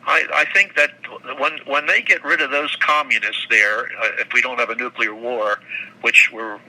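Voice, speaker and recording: A man's voice: mid-range voice, normal speed, bright, forceful tone, low-quality recording. An older man speaking as an interview guest, talking in long rambling answers that halt, repeat words and restart often.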